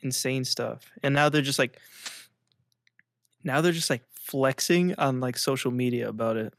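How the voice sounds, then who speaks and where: A man's voice: medium pitch, unhurried, creaky, no room sound, studio quality. A man co-hosting a podcast in casual chat, rambling and filling nearly every phrase with "like". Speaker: podcast co-host.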